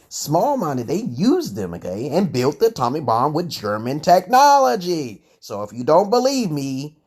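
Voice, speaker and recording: A man's voice: fairly high pitch, darkish tone, slightly rough. Rambling argumentative American man. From United States. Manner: rambling and argumentative, ends points with "okay?"; curses freely and restarts words often. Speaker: channel host answering chat comments. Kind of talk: casual rambling monologue.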